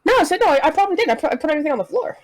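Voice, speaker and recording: Excitable high-voiced woman player. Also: dry recording. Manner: excitable, laughing, quick back-and-forth. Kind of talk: casual tabletop game chat.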